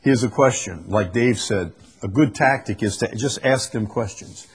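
A man's voice: lowish voice, normal speed, husky. A man leading a Bible study, explaining patiently and reading passages aloud with frequent fillers. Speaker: Bible teacher.

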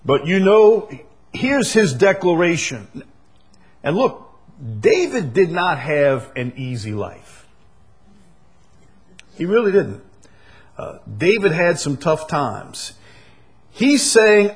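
A man preaching a sermon as pastor, emphatic, repeating key phrases and swinging between loud declarations and soft asides. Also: high-pitched, very animated, slow, long pauses, breathy edge.

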